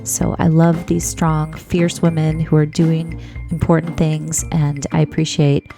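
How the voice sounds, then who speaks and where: Woman host, outro, mellow lowish voice, friendly to listeners, faint music behind. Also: flat delivery, unhurried, vocal fry. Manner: friendly direct address to listeners. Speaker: podcast host. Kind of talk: show outro.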